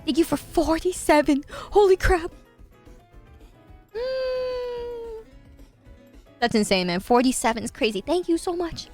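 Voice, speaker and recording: A woman's voice: high-pitched, animated, brisk, few pauses, darkish tone, faint music behind. A woman hosting a livestream, chatting casually with her viewers in a bubbly, giggly way with lots of filler words. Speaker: livestream host.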